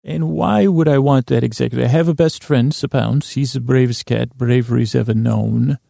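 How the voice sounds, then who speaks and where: A man's voice: medium pitch, gravelly, mellow, no room sound, studio quality. A man voicing a naive young boy king who rambles and stammers in earnest. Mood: defiant. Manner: halting, stammering and childishly earnest. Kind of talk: improvised comedy voice acting.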